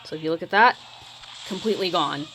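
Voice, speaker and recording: Recorded on poor audio with slight background noise, this fairly low-pitched woman speaks fast with a fairly bright tone. She makes mobile game videos and gives casual, hesitant commentary for her channel, rambling, trailing off and calling herself mumbly.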